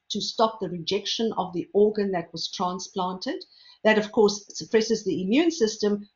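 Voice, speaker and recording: Woman lecturing, dull audio. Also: medium pitch. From South Africa. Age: older. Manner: measured, explanatory, stresses key words. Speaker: food safety expert giving a webinar talk. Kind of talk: lecture presentation.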